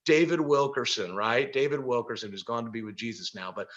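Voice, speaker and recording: Lively storytelling man, bright voice. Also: mid-range voice, fairly quick, lo-fi sound. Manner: animated, laughs often, many fillers like "right?". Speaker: workshop speaker. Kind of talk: storytelling talk. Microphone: video call.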